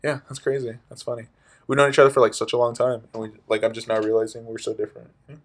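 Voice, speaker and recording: A man's voice: mid-range voice, flat delivery, fast talker. A young man co-hosting a podcast, chatting casually with friends in a rambling way full of "like", laughing often. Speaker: podcast co-host. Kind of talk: casual chat among friends.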